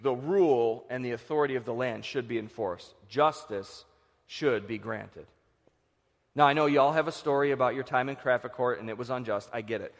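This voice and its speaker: A male pastor preaching a sermon, swinging from loud shouts to hushed low phrases. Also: moderate pace, in a large hall.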